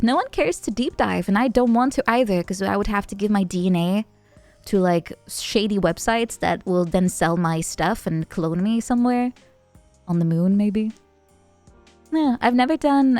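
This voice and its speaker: A young adult woman streamer chatting casually with viewers, rambling and halting, with a giggly manner. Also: medium pitch, lively intonation, darkish tone, no room sound, faint music behind. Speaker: VTuber streamer. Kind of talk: casual chat answering viewer messages.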